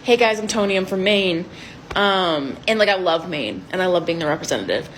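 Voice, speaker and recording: A woman's voice: lowish voice, animated, a little fast, slight background noise, lightly acted, low-quality recording. A woman playing an eager, dim young male delegate who rambles and halts with fillers.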